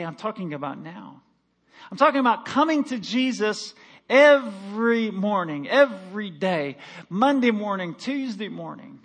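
High-voiced man preaching with emphasis. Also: expressive, measured pace. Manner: emphatic, swings between loud declarations and quiet asides. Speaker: pastor. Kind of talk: sermon.

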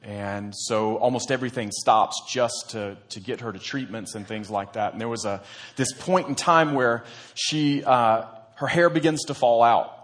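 A man's voice: mid-range voice, normal speed. A man, a church pastor, preaching a sermon in an earnest, conversational storytelling manner.

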